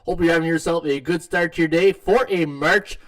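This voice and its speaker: Talking a little fast, this middle-aged Canadian host runs a live sports betting stream in loose, chatty fashion, stumbling through fillers and restarts. His slightly high voice has a fairly bright tone, and the distant desktop mic makes it sound tinny and echoey, like a home stream.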